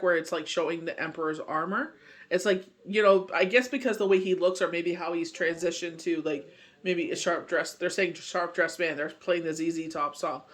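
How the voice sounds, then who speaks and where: Tarot reader, male, high voice, rambling and reassuring, casual. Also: a bit bright. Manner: rambling, heavy on "you know" and "like"; earnest and reassuring. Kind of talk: casual daily tarot reading.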